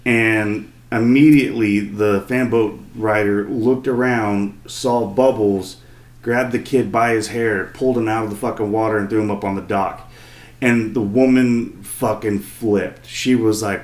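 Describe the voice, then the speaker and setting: A man co-hosting a podcast, telling a story in casual chat with plenty of swearing and animated retelling. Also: lowish voice, measured pace, reverberant. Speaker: podcast co-host.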